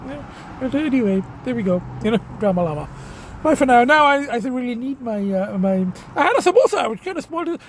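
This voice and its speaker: A man's voice: extremely high pitch, lively intonation, fairly quick, a little hiss or hum. Rambling middle-aged man vlogging. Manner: rambling, hesitant, full of you-knows and restarts; blunt and swearing when annoyed. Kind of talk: casual vlog talk to camera. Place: car, restaurants and shops.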